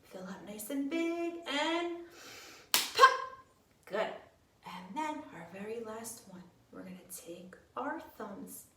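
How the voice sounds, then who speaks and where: Sing-song teacher, echoey room. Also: female voice, fairly high pitch, slight background noise. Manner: gentle, sing-song, encouraging. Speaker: preschool teacher. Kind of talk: guiding children through breathing exercises. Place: room at home. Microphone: camera at a distance. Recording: echoey room, mic far off.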